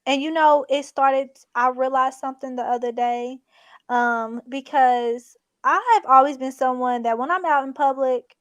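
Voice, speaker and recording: A woman's voice: high voice, steady tone, moderate pace, clear, resonant tone, no echo. A young adult woman hosting a casual chat with her sister, telling stories candidly and swearing freely. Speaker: host.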